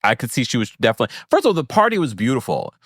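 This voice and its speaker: Male podcast host, mid-pitched, very expressive delivery, dry sound; playful and frank, like a big brother to his audience. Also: rapid-fire, husky, no echo. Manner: animated and playful, with frequent laughs and asides. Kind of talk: casual TV recap commentary.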